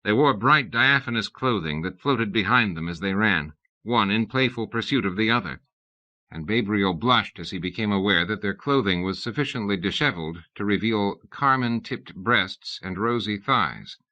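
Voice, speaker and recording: A man reading a comic fantasy novel aloud as an audiobook narrator, in measured, even storytelling. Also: on the low side. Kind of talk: scripted narration. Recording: dull lo-fi audiobook recording.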